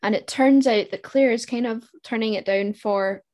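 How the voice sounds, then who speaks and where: A woman's voice: on the high side, normal speed, a little mellow. A woman co-hosting a podcast, talking through a TV show in casual chat with thoughtful restarts. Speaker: podcast co-host.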